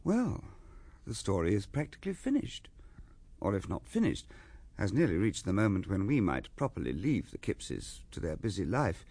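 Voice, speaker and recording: A man narrating a radio drama as a measured storyteller. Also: lowish voice, huge pitch swings, darkish tone, husky, dry recording. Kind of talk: scripted narration.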